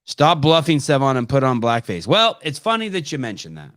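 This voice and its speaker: A man hosting a live call-in podcast, talking in an animated, profane way with many restarts. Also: medium pitch, brisk, no room sound, clean studio sound. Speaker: podcast host.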